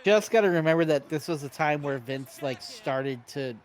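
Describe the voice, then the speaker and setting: A man's voice: on the high side, normal speed. A man co-hosting a podcast, supplying facts and corrections in casual chat. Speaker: podcast co-host.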